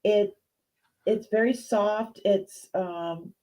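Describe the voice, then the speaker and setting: A woman's voice: mid-range voice, fairly even intonation, extremely slow, mellow. A woman in her fifties with a Boston accent, hosting a casual live jewelry sale, chatty and hesitant as she shows pieces and greets viewers. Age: 50s. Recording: dull lo-fi stream audio.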